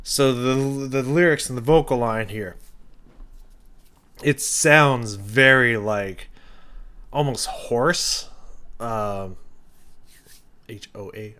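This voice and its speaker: A man's voice: medium pitch, takes it slowly, long pauses, pushed and bright, clear, resonant tone. A man casually breaking down a song as a reaction host, rambling and thinking aloud with many restarts and fillers. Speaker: music reaction youtuber.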